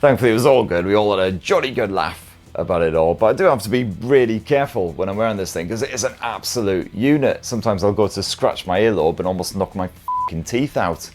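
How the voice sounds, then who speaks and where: A man's voice: lowish voice, animated, a little fast, faint music behind. A man hosting a casual tech news show, full of cheeky, sweary, self-mocking banter.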